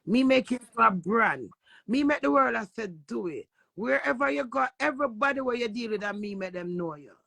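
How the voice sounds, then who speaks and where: A woman's voice: on the high side, expressive, moderate pace, gravelly, fairly bright tone, no echo. A Jamaican woman hosting a live stream, ranting brashly, swearing, and talking back to viewers. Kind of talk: casual live-stream rant.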